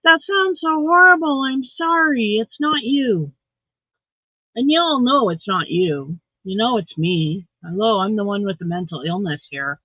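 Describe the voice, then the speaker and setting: A woman's voice: mid-range voice, expressive, unhurried, slightly rough, no echo. A tired woman hosting a casual livestream, chatting with viewers in a rambling, self-deprecating way. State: tired, yawning. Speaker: livestream host. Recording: tinny phone-like dry audio.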